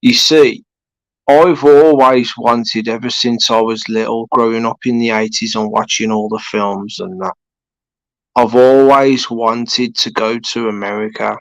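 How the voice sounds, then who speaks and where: A man's voice: medium pitch, steady tone, measured pace, a bit bright, no echo, low-quality recording. A British man in his forties hosting a live stream, chatting casually and rambling with many hesitations and restarts. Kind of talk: casual chat with viewers. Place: home room.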